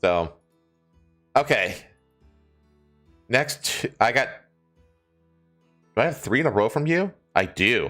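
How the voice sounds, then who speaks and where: A man's voice: medium pitch, very animated, takes it slowly, long pauses, fairly bright tone, soft background music. A man co-hosting a podcast, rambling and swearing in casual chat and laughing easily. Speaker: podcast co-host.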